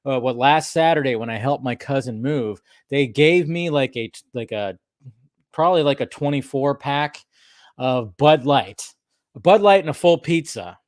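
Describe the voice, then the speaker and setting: A man's voice: mid-range voice, expressive, moderate pace, dry recording, studio quality. A man hosting a live stream from a room at home, chatting loosely and rambling as he greets viewers by name. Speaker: host of a live drinking stream. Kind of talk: casual live-stream chat. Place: home room with a pub table.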